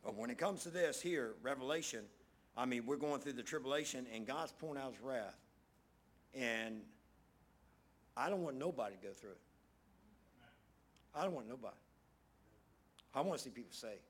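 A man preaching in a loose, homespun way. His voice sits at an ordinary middle pitch, and he circles back on his phrases to drive a point home. He sounds like he is talking the Bible through with his congregation. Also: lively intonation, moderate pace, long pauses, breathy edge. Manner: folksy and conversational, repeats phrases for emphasis. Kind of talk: casual sermon.

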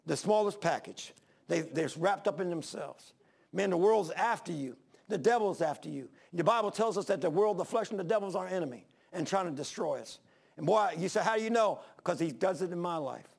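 A man's voice: sits high, expressive, fairly quick, vocal fry, slightly rough. A man in his sixties preaching a sermon, pleading with repeated questions in plain, folksy speech. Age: 60s. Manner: fervent, repetitive pleading questions.

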